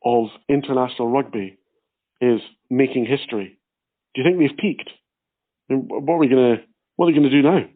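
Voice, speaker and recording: A man talking as a guest with a dry, teasing wit. His pitch is middling, and the sound is narrow and phone-like. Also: a little fast, pauses often. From Scotland. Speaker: podcast guest. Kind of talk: casual chat. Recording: tinny phone-like line.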